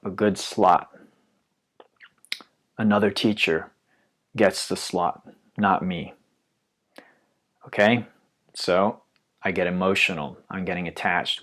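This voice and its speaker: Slow, low-voiced calm yoga teacher. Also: male voice. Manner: calm and reflective, trailing off softly. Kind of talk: dharma talk.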